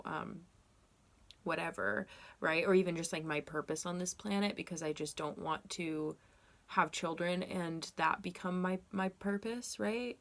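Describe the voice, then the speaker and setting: A woman's voice: on the low side, gravelly. Rambling, candid woman reading tarot. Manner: rambling, candid, frequent ums and self-corrections. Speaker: tarot reader. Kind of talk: casual tarot reading to camera.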